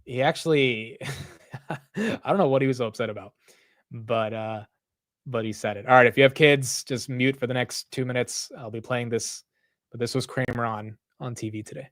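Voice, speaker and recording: A man hosting a live stock market stream, talking casually and excitably with loose slang and frequent laughs. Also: mid-range voice, normal speed, no echo, clean studio sound. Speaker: market livestream host.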